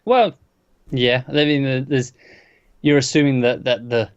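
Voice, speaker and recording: A man's voice: medium pitch, steady tone, clear, resonant tone, no echo. Man, podcast co-host, casual TV review chat, argumentative, stammering restarts, muffled lo-fi sound. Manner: nitpicking, quick to argue, stammering restarts.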